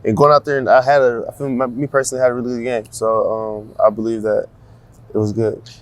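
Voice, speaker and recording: A young man, a college football player, answering interview questions in a soft-spoken, halting way with many fillers and restarts. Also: mid-range voice, flat delivery. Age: young adult. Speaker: college football cornerback guest.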